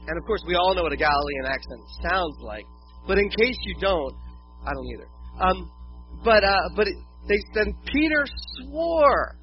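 A man's voice: high-pitched, expressive, normal speed. A man preaching a sermon in a conversational way, with casual jokey asides. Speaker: pastor. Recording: dull lo-fi with faint music.

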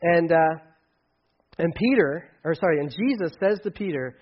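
Male pastor, slightly high voice, casual sermon, animated dialogue, lo-fi. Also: moderate pace. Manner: conversational, acts out dialogue with big swings in pitch and loudness.

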